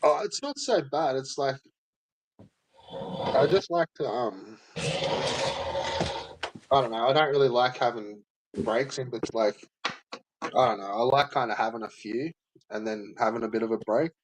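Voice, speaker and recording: A man's voice: mid-range voice, measured pace, pauses often, noisy background. A man chatting casually online as a co-host, laid-back and sweary. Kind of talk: casual chat.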